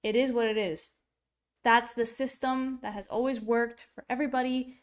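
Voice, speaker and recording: A woman's voice: on the high side, fairly even intonation, normal speed. A woman streaming casual reaction commentary, talking bluntly and chattily with lots of fillers. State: coughing, choking on popcorn. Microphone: streaming setup.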